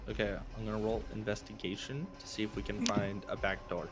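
A male tabletop player speaking in a relaxed, hesitant manner. His voice is on the low side, with clear music playing behind him. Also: fairly quick. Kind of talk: casual chat.

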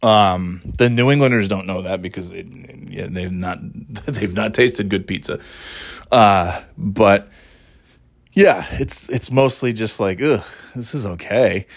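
A middle-aged man hosts his own solo podcast, rambling casually, cursing freely and laughing at himself. His voice is lowish and his pace slow.

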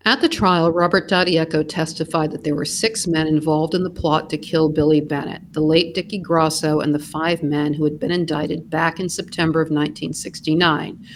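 A woman's voice: low voice, steady tone, normal speed, hardly any pauses, slight background noise, rough recording. A woman co-hosting a podcast, narrating scripted true crime with dry, blunt asides. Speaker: podcast co-host.

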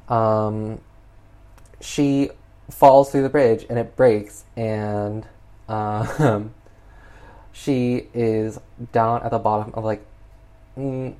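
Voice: medium pitch, dark tone. Chatty exasperated film recapper. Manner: chatty, exasperated, heavy use of "like". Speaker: film reviewer.

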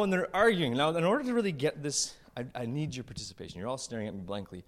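A male pastor preaching to his church, retelling a story with playful asides and quick voices for the characters. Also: medium pitch, big pitch swings. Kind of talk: lively storytelling sermon.

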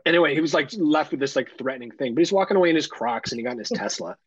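A man co-hosting a podcast, telling a story in casual chat, animated and full of swearing. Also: fairly high pitch, rapid-fire, breathy edge, no echo. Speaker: podcast co-host. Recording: dull lo-fi sound.

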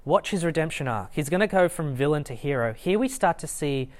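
A young adult gives an informal Bible talk at a student meeting, pitched in the middle range. The delivery is relaxed and conversational, full of fillers, restarts and small chuckles as the story is retold. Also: brisk. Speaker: student ministry Bible teacher. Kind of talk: casual expository Bible talk. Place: lecture room at a student meeting.

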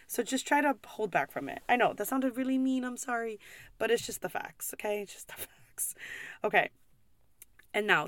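A young woman from the United States rants to the camera about her job serving in a pub, swearing freely and then apologizing. Her voice sits at an ordinary middle pitch. The sound is dry and close, with no room echo. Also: a bit bright. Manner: blunt, swearing, quick asides and apologies. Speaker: pub server. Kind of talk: casual vlog rant.

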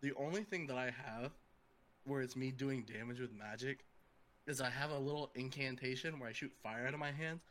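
A man's voice: mid-range voice, fairly quick, fairly bright tone. A man co-hosting a casual gaming chat, who laughs often and swears casually. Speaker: podcast co-host.

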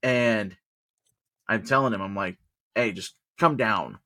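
A man's voice: fairly low pitch, slow, dry recording, studio quality. A man telling a work story in casual podcast chat, swearing freely and acting out what people said. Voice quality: profane, animated storyteller who acts out quotes. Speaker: podcast co-host; work crew boss.

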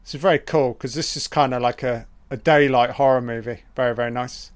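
A man giving a crude, profane, excitable running commentary on a film, calling the characters love and baby. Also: mid-range voice, a little fast.

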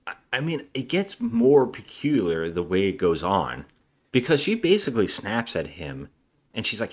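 A man's voice: on the low side, moderate pace. A man co-hosting a bad-movie podcast, casually retelling the plot and acting out the characters' lines. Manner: animated retelling with acted-out dialogue.

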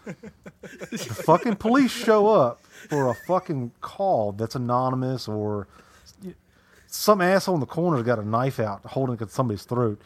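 A man with a Southern American accent, a podcast co-host telling profane stories in casual chat, jumping into loud quoted voices. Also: medium pitch. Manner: profane, animated storytelling with loud acted quotes.

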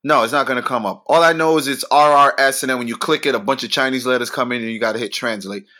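A young man hosting a podcast, ranting and swearing in an animated, comedic way, his pitch jumping suddenly. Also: quick pace. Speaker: podcast host. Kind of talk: profane comedic rant.

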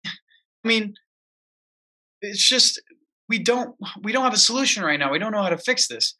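High-voiced, emphatic ranting man. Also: sharp tone, breathy edge. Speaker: podcast co-host. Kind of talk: casual political chat.

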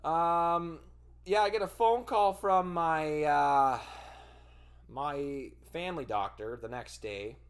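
A man hosting a podcast, telling a personal story in casual, profane, rambling speech. He fumbles for words and breaks into loud, animated bursts. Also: on the high side, slow, clear, resonant tone. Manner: animated retelling with loud outbursts. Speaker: podcast host.

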